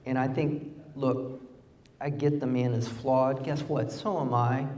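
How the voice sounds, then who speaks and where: A middle-aged man giving a campaign speech at a fundraiser, impassioned, rising to emphatic peaks and dropping low and quiet. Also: fairly even intonation, a little slow, recorded from a distance. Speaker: political candidate. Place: fundraiser event venue.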